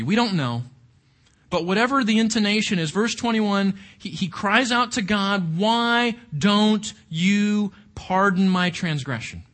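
A man teaching through a Bible book, animated and often asking his listeners questions. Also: sits high. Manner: animated, asks the audience questions.

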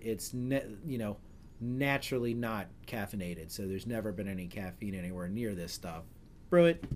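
Low-ish and slightly mellow, the voice of this middle-aged podcast host carries a faint hiss or hum. He talks in a casual, rambling way, often correcting himself and throwing in jokes.

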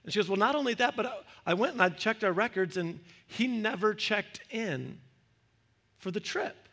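A middle-aged man preaching with a high, bright voice. He tells stories animatedly, acts out the voices of the people in them and often repeats his words as he goes. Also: normal speed. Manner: animated storyteller, acts out dialogue, repeats phrases. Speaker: pastor. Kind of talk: sermon storytelling.

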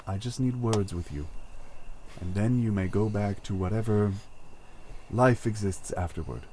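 A man voicing a cold, curt female elf ambassador in a flat, dismissive way. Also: lowish voice, unhurried, a little hiss or hum, voice pushed down, close to an everyday voice.

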